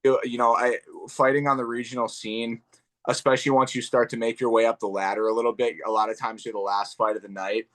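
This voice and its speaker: A young man, a guest fighter, chats casually in an interview, talking fast at a medium pitch. He's relaxed and rambling, using lots of fillers and the odd swear word.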